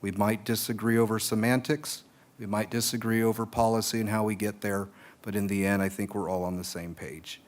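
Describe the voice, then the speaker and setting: A middle-aged man speaking as a city council member at a public meeting, earnest and halting, with many fillers. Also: fairly low pitch, fairly even intonation. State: choked up with emotion.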